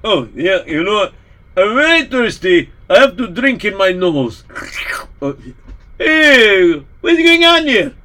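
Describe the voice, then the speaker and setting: A man playing an excitable priest who speaks broken English, in a live told story. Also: slow, slight background noise, full character voice. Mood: unhinged. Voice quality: broken English, high-strung. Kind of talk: live storytelling role-play.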